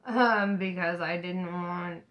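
A woman's voice: on the low side, steady tone, takes it slowly, muffled recording. A woman tarot reader talking casually to camera about spirituality, laughing often, swearing and speaking emphatically.

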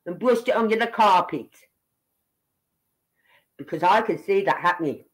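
A woman's voice: on the high side, lively intonation, moderate pace, poor audio. A woman giving angry, blunt reaction commentary, heated and swearing as she talks to the people on screen. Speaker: online commentator.

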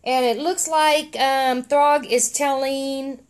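Slow-reading high-voiced woman. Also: fairly even intonation. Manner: chatty, unpolished read-aloud, wry asides. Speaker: podcast co-host reading a story. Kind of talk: reading a comic aloud with chat.

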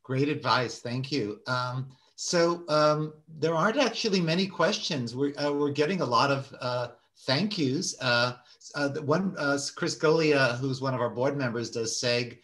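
Halting male host reading out comments. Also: mid-range voice, expressive, fairly bright tone. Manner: halting, many "uh" fillers, apologetic. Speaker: meeting host.

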